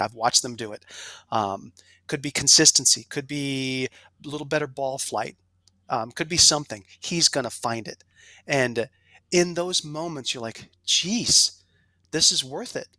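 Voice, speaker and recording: Bright, emphatic man as podcast guest. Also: mid-range voice, no room sound. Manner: enthusiastic, emphatic, salesy asides. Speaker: guest, golf industry executive. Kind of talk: casual podcast interview.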